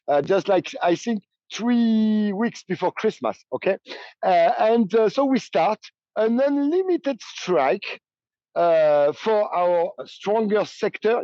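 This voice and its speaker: A man with a French accent speaks English haltingly, pausing often to search for words. His voice sits fairly high for a man. He is heard over a dull, muffled remote call line with little room sound. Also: darkish tone, no room sound. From France. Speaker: union leader and train operator. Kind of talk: interview answers.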